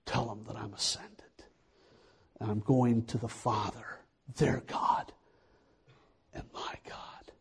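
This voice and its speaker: A man voicing a gentle risen teacher, speaking softly and tenderly. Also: medium pitch, fairly even intonation, measured pace, breathy edge, voice pushed down. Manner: soft, hushed, half-whispered.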